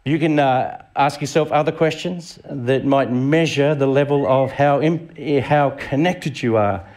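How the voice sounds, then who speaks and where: In an unhurried, mid-range, slightly mellow voice, a middle-aged Australian man preaches as a guest. His sermon feels like a conversation, and he asks the congregation rhetorical questions along the way.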